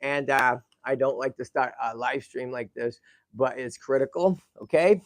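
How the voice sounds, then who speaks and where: A middle-aged man with a mid-range voice hosts a casual live stream, talking a little slowly. He speaks emotionally, addressing his viewers and his animals directly, and keeps breaking off to restart.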